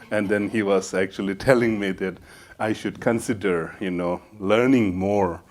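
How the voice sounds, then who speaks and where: A man's voice: fairly low pitch, steady tone, a little slow. A man giving a Buddhist dharma talk to an audience, telling stories in an easygoing, humorous way with many casual fillers. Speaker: Buddhist teacher.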